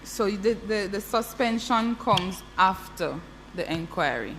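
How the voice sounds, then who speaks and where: A woman's voice: mid-range voice, expressive, takes it slowly, fairly bright tone. A woman in a large hearing room reading draft legal clauses to a committee, careful and formal, correcting herself as she goes. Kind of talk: reading legislation aloud and explaining it. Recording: hall reverb with faint hum.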